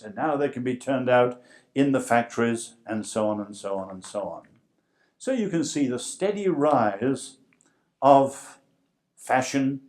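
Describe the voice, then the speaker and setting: A man with an English accent giving a public lecture, emphatic and full of dramatic pauses. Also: medium pitch, a little mellow.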